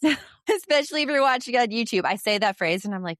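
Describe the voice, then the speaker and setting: A woman's voice: fairly high pitch, animated, fairly quick, a bit bright, no echo, studio quality. A woman podcast host giving casual parenting advice, speaking directly and frankly to the listener.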